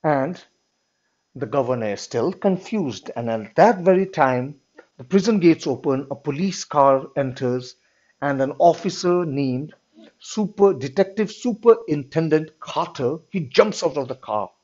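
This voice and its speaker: Male teacher, slightly high voice, reads then explains, keeps asking "all right?"; muffled lo-fi audio. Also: lively intonation, unhurried, a little mellow. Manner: checks in with "all right" often. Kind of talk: reading and explaining a story to students. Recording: dull lo-fi recording.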